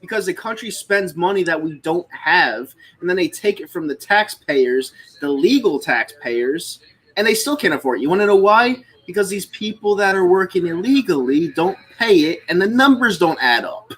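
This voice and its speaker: A man's voice: sits high, expressive, normal speed, a bit bright, slightly rough, rough recording. A man from the United States on a live stream, explaining his views in a lecturing way and often checking in with "all right?". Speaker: stream host. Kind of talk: casual political chat on a live stream.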